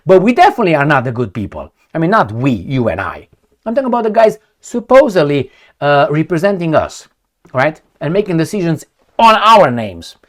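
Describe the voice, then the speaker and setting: A man from Romania giving a casual commentary monologue, profane and animated, acting out little exchanges as he goes. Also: sits high. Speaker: political commentator.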